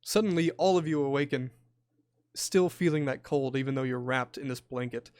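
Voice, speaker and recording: A man's voice: medium pitch, steady tone, moderate pace, darkish tone, smooth, dry recording, studio quality. A man narrating a tabletop horror game as game master, with many hesitant fillers.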